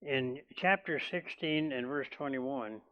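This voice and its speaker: A man preaching a sermon in a church, talking slowly and deliberately, often restarting his sentences. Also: medium pitch, highs cut off. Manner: slow and deliberate, with many restarts. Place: church hall.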